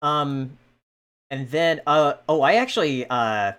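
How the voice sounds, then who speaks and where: A man's voice: fairly high pitch, takes it slowly, fairly bright tone, smooth. A man hosting a casual podcast chat, talking hesitantly with many ums and restarts.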